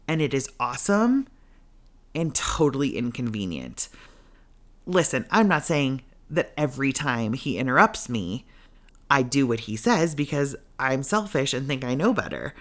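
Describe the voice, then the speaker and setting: A woman podcast host telling a personal faith story in a candid, chatty way with self-deprecating humor. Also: low voice.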